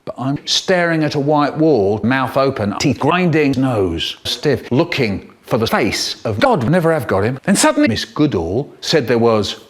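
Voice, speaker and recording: A man telling comic stories in a theatrical, expressive way, spliced into a choppy cut-up edit with sudden vocal jumps. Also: medium pitch, a little slow, few pauses. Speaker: storyteller in a spliced comedy edit.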